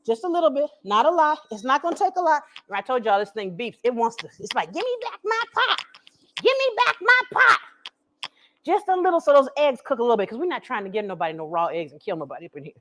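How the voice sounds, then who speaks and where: A woman's voice: a little high, expressive, rapid-fire, hardly any pauses. A woman, hosting a live cooking stream from her home kitchen, chatty and laughing as she talks straight to viewers. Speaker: cooking show host. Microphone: camera she set up herself.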